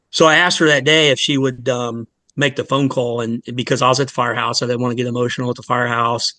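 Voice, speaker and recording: A middle-aged man, a fire lieutenant, telling his story in a candid podcast interview, earnest and halting with many pauses. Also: mid-range voice, level tone, bright, forceful tone, no room sound. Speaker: fire department lieutenant, guest.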